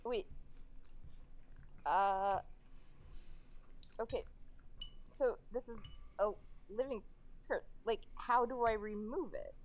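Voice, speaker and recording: A woman playing a tabletop game who talks very slowly and hesitantly. She pauses on fillers and restarts often. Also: a little high, lo-fi sound. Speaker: player. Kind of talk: casual tabletop play.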